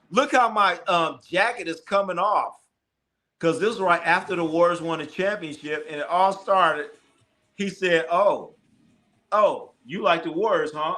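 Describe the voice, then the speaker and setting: A man hosting a casual live sports stream, telling animated stories in a slangy way and swearing freely. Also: high-pitched. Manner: animated storytelling, acts out his own lines.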